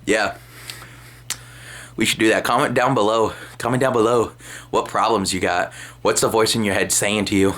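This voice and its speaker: A young man ranting casually as a vlogger, rambling and excitable with lots of slang. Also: fairly low pitch, moderate pace, pauses often. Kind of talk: casual motivational rant.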